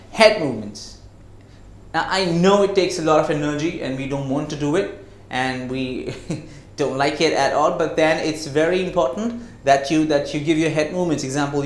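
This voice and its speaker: Emphatic male trainer in an echoey room. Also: on the high side. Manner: emphatic, slows to stress words, asks rhetorical questions. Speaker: communication skills trainer. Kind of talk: classroom-style lecture.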